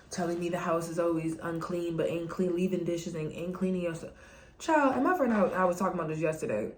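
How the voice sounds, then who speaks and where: A young woman talks straight to her camera, venting about her life in a candid, animated way. Her voice sits a little low for a woman. She often slips into mocking voices for the people she quotes. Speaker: vlogger.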